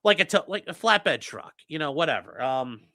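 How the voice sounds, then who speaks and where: A streamer giving casual legal commentary and reading chat, blunt, profane and mocking, swinging between loud outbursts and low muttering. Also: animated, moderate pace, no room sound, clean studio sound.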